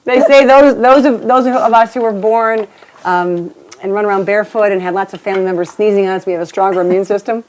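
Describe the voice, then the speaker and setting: A woman's voice: mid-range voice, fast, a little mellow, a little hiss or hum. A woman hosting a cooking show in a home kitchen, chatting and joking her way through a recipe. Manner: chatty, playful, laughs often. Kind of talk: casual cooking demonstration.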